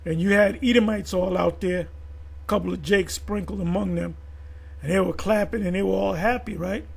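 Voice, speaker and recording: A man's voice: high-pitched, normal speed, vocal fry, breathy edge. A man giving a rambling commentary monologue, full of restarts and fillers. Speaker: video commentator.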